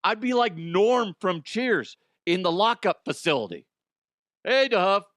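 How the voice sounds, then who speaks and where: Lively, crude-joking comedy host man. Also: sits high, unhurried, no echo, clean studio sound. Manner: animated and crude, laughing at his own jokes, slipping into silly voices. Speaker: comedy news podcast host. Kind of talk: casual comedic monologue.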